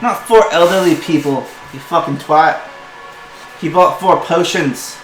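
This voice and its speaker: A man voicing a rude, bossy female dwarf shopkeeper with a shrill, higher-pitched voice who curses at her customers. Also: moderate pace, faint music behind, natural voice. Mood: scornful. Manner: curses and snaps at people. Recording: echoey room with some noise.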